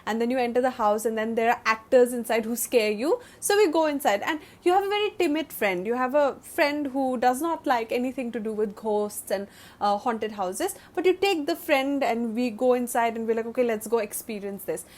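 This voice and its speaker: High-voiced woman explaining literature. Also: normal speed, darkish tone. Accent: Indian English. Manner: chatty, repeats herself, many fillers. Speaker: English literature teacher. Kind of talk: explaining a lesson.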